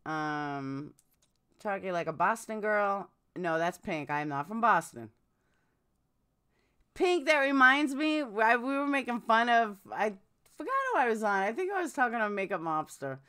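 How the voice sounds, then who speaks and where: A woman's voice: medium pitch, sing-song, moderate pace, pushed and bright, smooth. A woman hosting a casual live stream, chatting and answering viewers' comments. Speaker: true crime live streamer.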